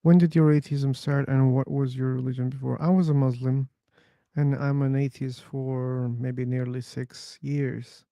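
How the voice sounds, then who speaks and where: A man's voice: mid-range voice, flat delivery, a little slow, dark tone, no echo, dull audio. A man hosting a casual live-stream discussion, bluntly answering chat questions and joking with guests. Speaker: livestream discussion host.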